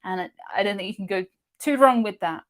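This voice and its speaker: A woman's voice: medium pitch, a little fast. A woman hosting a cruise live stream, chatting casually and reading out viewer comments with frequent laughs. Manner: chatty, laughs often, excitable.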